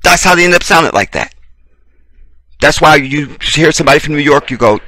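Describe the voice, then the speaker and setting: A blunt American man delivers a heated, preachy monologue full of profanity, repeating short phrases for emphasis. His voice is bright and pointed. It is recorded close on a dry mic with no room sound. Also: a little high, animated, fairly quick, no echo. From United States. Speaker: video commentator. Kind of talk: impassioned commentary rant.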